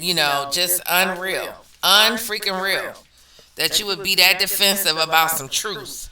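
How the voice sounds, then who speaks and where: Sassy woman ranting on a vlog, super bright sharp voice, far from the mic. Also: fairly low pitch. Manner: emphatic, blunt, slangy, laughs often. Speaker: vlogger reacting to viewer comments. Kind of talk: casual commentary. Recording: echoey room, off-mic.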